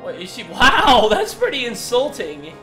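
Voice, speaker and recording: Male streamer, high voice, loud and crude banter over game music. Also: a little slow. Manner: excitable, profane, loud teasing. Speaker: gamer streaming with a friend. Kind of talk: casual gaming chat. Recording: echoey room with game music.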